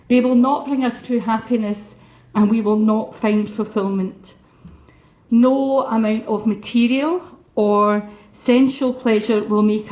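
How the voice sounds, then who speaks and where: A woman's voice: mid-range voice, highs cut off. Glasgow-accented woman in an echoey hall. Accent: Glasgow Scottish. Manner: humorous, deliberate, emphatic. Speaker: religious sister giving a conference talk. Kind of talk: conference talk.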